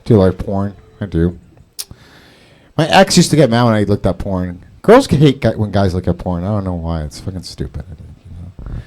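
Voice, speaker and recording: A man's voice: low voice, big pitch swings, moderate pace, a little mellow. A man doing open mic stand-up, rambling and profane, laughing at his own jokes. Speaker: stand-up comedian. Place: comedy club stage.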